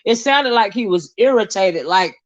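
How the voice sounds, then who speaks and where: A woman hosting a casual livestream gossip chat, reading viewer comments aloud in a chatty, laughing way with drawn-out asides. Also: medium pitch, lively intonation. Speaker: host. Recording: dull lo-fi sound.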